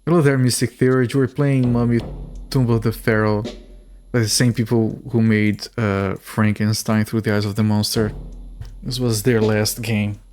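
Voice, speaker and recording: A man's voice: fairly low pitch, little pitch movement, moderate pace, a little mellow, a little hiss or hum. A man streaming a game, chatting with viewers and thinking aloud in a rambling, casual way, sometimes swearing. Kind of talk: casual let's-play commentary.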